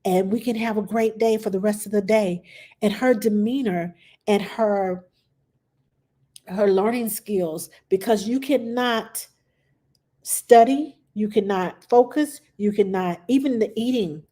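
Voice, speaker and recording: Passionate woman nanny, mellow voice. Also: unhurried. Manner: passionate, animated, acts out quotes in a high voice. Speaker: nanny giving advice. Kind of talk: casual advice talk.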